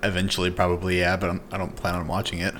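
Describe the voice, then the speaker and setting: A man's voice: sits low, completely flat delivery, rapid-fire, a bit bright, a little hiss or hum. A young man co-hosting a casual podcast, tossing in dry teasing one-liners. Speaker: podcast co-host.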